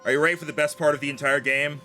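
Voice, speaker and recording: A man's voice: on the high side, very fast, faint music behind. A young man streaming a game, joking around and swearing in casual commentary. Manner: animated, joking, swears freely.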